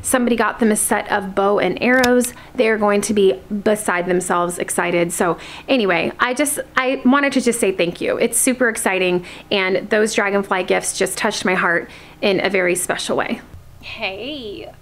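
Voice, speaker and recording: A woman in her thirties talks easily to her viewers, chatty and warm, at a mid pitch. She sounds like she is at home with a camera mic. A faint hum of noise sits underneath. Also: moderate pace. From Alaska. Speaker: homestead vlogger. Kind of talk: casual vlog chat to viewers. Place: at home indoors.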